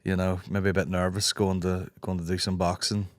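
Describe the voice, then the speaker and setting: A man's voice: low-pitched, flat delivery, brisk, dry recording, clean studio sound. Rambling, foul-mouthed Northern Irish man. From Northern Ireland. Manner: swears freely, jokey rambling, acts out voices of others. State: sore throat. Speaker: podcast host. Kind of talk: solo comedic podcast rant.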